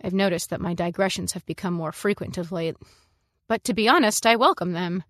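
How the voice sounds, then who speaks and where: A woman's voice: fairly low pitch, a little fast, a bit bright, no echo. Woman reading a story, dry sound. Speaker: story narrator. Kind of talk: scripted narration.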